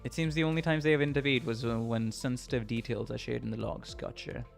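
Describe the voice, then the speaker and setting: A man's voice: medium pitch, fairly even intonation, quick pace, creaky, soft background music. A man streaming a game, reading its story aloud, laughing often and chatting with viewers.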